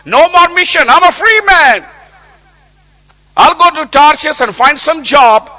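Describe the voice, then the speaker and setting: Brief: carefree, boastful runaway prophet, very high bright voice, a preacher doing it. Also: male voice, lively intonation, a little slow, heavily acted.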